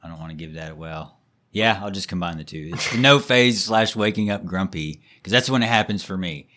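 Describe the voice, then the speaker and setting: A man's voice: low-pitched, brisk, bright, forceful tone. A young man co-hosting a parenting podcast, talking casually and rambling as he mimics his toddler's replies. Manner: rambling, acts out toddler voices. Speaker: podcast co-host. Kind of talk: casual chat.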